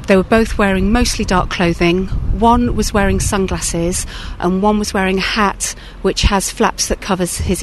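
A woman detective reads out a formal police appeal in a factual, level voice. Faint noise sits behind her. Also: mid-range voice.

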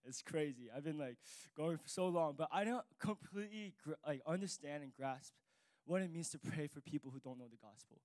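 A man's voice: fairly high pitch, a little fast, a little mellow, no room sound. A jet-lagged young man telling his church about a mission trip, casual, rambling and emotional. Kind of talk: spoken testimony.

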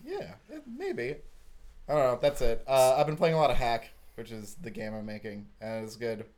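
A man's voice: mid-range voice, expressive, normal speed, a little mellow. Laid-back man on a casual podcast. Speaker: podcast co-host, game developer. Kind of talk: casual chat.

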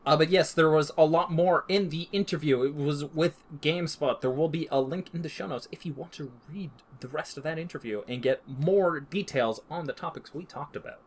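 A man with a somewhat high voice co-hosting a casual podcast. He jokes easily and laughs often. His delivery stays loose and playful. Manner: joking, quick to laugh. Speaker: podcast co-host.

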